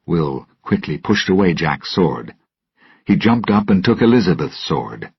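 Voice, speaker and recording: A man narrating a storybook with a slow, careful reading manner, recorded dull and lo-fi. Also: low voice, sing-song, husky, dry recording. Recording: dull lo-fi, dry.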